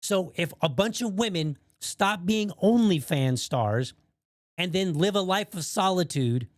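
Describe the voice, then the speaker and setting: A man's voice: sits high, lively intonation, measured pace, no room sound, studio quality. A man hosting an opinion podcast, talking bluntly and heatedly and swearing freely as he argues his point. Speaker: podcast host.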